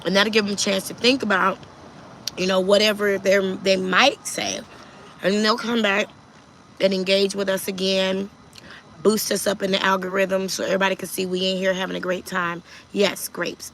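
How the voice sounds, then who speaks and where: A woman's voice: medium pitch, level tone, moderate pace, fairly bright tone, slight background noise, rough recording. A woman hosting a casual livestream, chatting and reading viewer comments aloud as she answers them. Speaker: livestream host.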